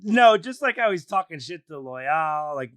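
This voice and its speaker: A man co-hosting a casual podcast chat, excitable and swearing freely as he reacts to a TV episode. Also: on the high side, normal speed, no room sound. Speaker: podcast co-host.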